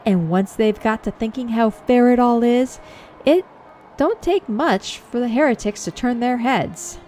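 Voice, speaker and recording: A woman voicing a lowborn male soldier in a fantasy game who talks in rough, folksy common speech. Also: measured pace, warm tone, slight background noise, close to an everyday voice. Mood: frank.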